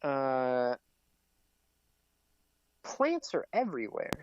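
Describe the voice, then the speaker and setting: Slow, halting male game master. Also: mid-range voice, huge pitch swings, muffled recording, slight background noise. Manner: slow, halting narration with fillers. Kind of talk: narrating a tabletop game.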